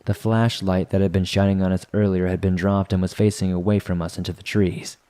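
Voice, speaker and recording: A man with a low, dark, mellow voice narrates a first-person horror tale. His delivery is steady and measured, a practiced storyteller reading from a script. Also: clean tone.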